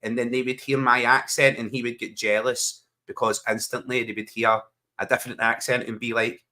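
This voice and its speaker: A Scottish man with a bright, forceful voice trades jokes while watching football live. He talks in broad slang and laughs often, in a mid-range pitch. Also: level tone, brisk. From Scotland. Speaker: co-host. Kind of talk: casual live match-watching chat.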